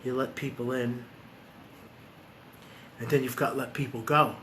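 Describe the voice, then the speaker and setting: A man talking bluntly and profanely in a low, quiet voice while grieving, then singing along to guitar. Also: steady tone, moderate pace, a little hiss or hum. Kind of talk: emotional casual talk and singing. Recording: loud guitar music behind.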